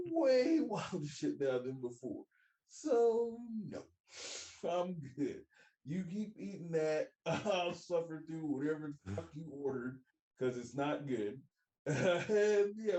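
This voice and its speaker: A man's voice: fairly high pitch, mellow, echoey room, low-quality recording. A young man hosting a podcast, talking bluntly and profanely in casual banter and laughing as he talks. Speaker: podcast host.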